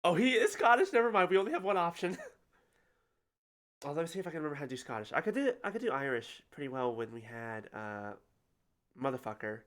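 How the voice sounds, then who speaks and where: Gaming streamer, sarcastic commentary, lively pitch, heavy swearing. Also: fast. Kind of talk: casual gaming livestream commentary.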